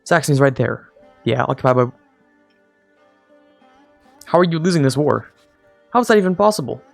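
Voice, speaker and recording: A man's voice: mid-range voice, animated, normal speed, vocal fry, no room sound, faint music behind. A young man streaming a strategy game, rambling casually, mocking himself and talking to his units. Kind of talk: casual gameplay commentary.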